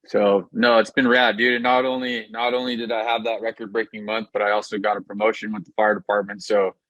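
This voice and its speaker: Laid-back low male client on dull call. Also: little pitch movement, a little fast, a bit bright, no room sound. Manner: agreeable, laid-back, easygoing slang. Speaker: coaching client. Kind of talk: casual chat on a coaching call.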